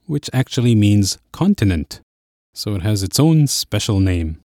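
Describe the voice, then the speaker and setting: A man's voice: fairly low pitch, sing-song, measured pace, mellow, no room sound, clean studio sound. A man teaching a podcast language lesson, explaining patiently step by step.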